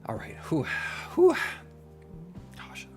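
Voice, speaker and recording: Slow and mellow, a man talks casually on a live stream, rambling along with self-deprecating humor and joking asides. Faint music can be heard in the background.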